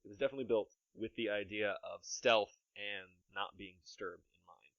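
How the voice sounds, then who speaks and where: A man's voice: fairly low pitch, fairly quick, a bit bright, no echo, highs cut off. A man narrating a tabletop game as game master, descriptive and amused, laughing often.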